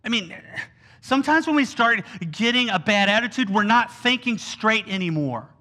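High, bright-voiced male preacher. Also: normal speed. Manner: animated storytelling with whiny acted-out quotes. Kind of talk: sermon.

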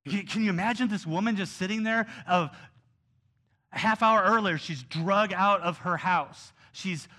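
A man preaching a sermon in an earnest way, going from quiet, soft passages to loud, pressing ones. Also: sits high, moderate pace. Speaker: pastor.

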